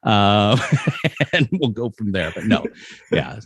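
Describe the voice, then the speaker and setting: A middle-aged man with a deep, low voice talks in a relaxed podcast chat. A slight lisp touches his s sounds. The recording is dry and close. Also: takes it slowly, slightly rough, no room sound. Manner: slight lisp from a chipped tooth. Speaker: podcast co-host. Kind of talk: casual chat.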